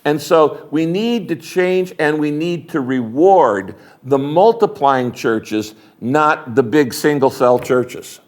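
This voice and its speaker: A man's voice: fairly high pitch, slow, few pauses. Emphatic older man preaching in conversation. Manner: emphatic, animated storytelling with acted dialogue. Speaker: retiring megachurch pastor, interview guest.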